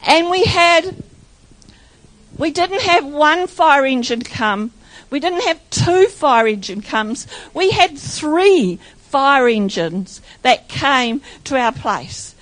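An older woman pastor with a high, light voice. She tells church stories in a rambling, heartfelt way, with many restarts. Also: animated, takes it slowly, fairly bright tone, no room sound. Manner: rambling, emotional storytelling. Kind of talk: church testimony.

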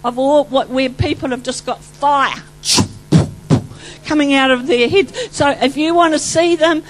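High-pitched fervent New woman preacher. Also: steady tone, measured pace, poor audio. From New Zealand. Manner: fervent, rambling, swings from loud to hushed. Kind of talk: charismatic testimony sermon.

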